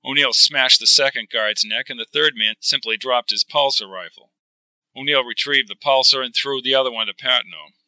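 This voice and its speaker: A man reading a science fiction novel aloud, with steady, even storytelling. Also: medium pitch, normal speed, no echo, poor audio. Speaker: narrator.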